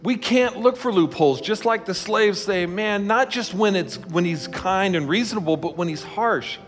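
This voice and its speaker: A man's voice: high voice, moderate pace. A man preaching a sermon as a pastor, telling a personal story in a conversational, emphatic way. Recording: long hall reverb with faint music.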